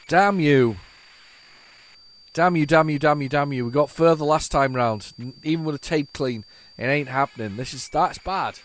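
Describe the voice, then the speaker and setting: A man's voice: mid-range voice, slight background noise. A man hosting a retro computing video, chatting casually and rambling to viewers as he tests old tapes. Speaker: retro computing channel host.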